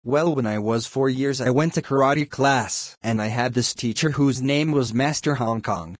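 A man's voice: medium pitch, normal speed, no room sound, studio quality. A man in a casual amateur comedy skit, talking plainly with a complaining tone. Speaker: older brother character.

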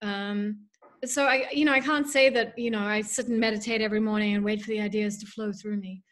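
A woman's voice: medium pitch, steady tone, a little fast, a bit bright. Chatty South African woman, mixed accent. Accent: mixed South African, drifting toward American and Irish. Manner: chatty, self-deprecating, frequent fillers. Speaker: author guest. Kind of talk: casual interview.

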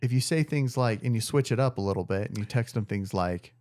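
A man's voice: on the low side, fairly quick, a little mellow. A man hosting a casual podcast conversation, adding short agreeing remarks to the talk. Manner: brief agreeing interjections.

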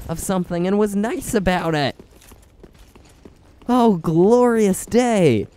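A man's voice: fairly high pitch, a little mellow, slight background noise. A man giving casual gameplay commentary with dramatic, whiny self-pitying asides. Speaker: let's play gamer.

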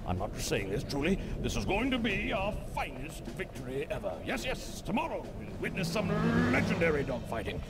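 A man's voice: fairly high pitch, wildly swooping pitch, fairly quick, hardly any pauses, heavy background noise. An actor voicing a pompous, blustery male air-race team boss in a video game cutscene. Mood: boastful. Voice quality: blustery, boastful. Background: game music.

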